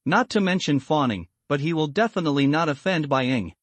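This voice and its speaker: A man reading a translated comic story aloud as a recap narrator, in a steady, even manner. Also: a little high, brisk, no room sound.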